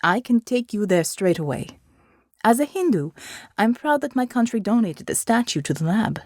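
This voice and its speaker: A woman voicing a polite young man with a faint Indian accent, a calm and reflective research scientist in an audiobook. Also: fairly high pitch, moderate pace, no room sound, studio quality. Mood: earnest. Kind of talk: audiobook character voice.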